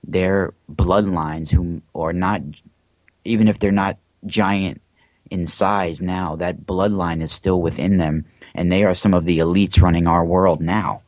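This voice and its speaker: A man's voice: deep voice, steady tone, unhurried, dry recording, lo-fi sound. A man hosting a livestream, talking in a rambling, hesitant way with many fillers and restarts. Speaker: livestream host. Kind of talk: casual livestream monologue.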